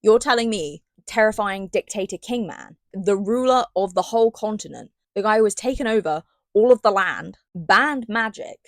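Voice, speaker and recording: A young woman giving an animated, sarcastic and rambling book recap in casual chat. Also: medium pitch, normal speed, hardly any pauses, dry recording. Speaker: book reviewer.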